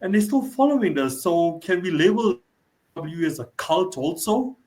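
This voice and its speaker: A man hosting a casual interview, conversational, repeating his key points and filling pauses with "you know". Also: high-pitched, sing-song, a little mellow.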